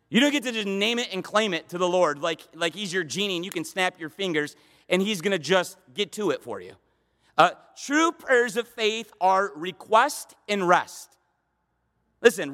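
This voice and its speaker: Impassioned high-voiced male preacher. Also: sharp tone, long reverb tail. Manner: impassioned, repeats and restarts phrases. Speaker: pastor. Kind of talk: sermon.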